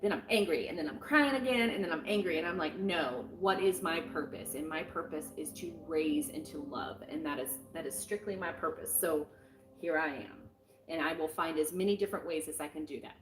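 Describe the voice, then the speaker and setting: A woman's voice: deep voice, fairly quick. A middle-aged woman giving a casual weekly tarot reading in a frank, encouraging and rambling way, with plenty of fillers. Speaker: tarot reader. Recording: roomy with faint music behind.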